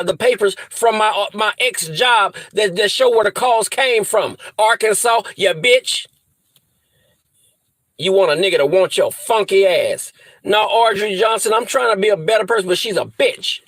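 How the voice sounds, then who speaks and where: A man's voice: sits high, fairly bright tone, dry recording, poor audio. A man ranting angrily to his viewers, profane and threatening, repeating insults over and over. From US Midwest. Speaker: vlogger. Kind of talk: angry rant to camera.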